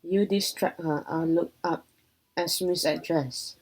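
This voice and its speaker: A woman's voice: lowish voice, fairly even intonation, slow, darkish tone, low-quality recording. A woman reading an impulsive, scheming schoolboy. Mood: eager. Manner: blurting, eager.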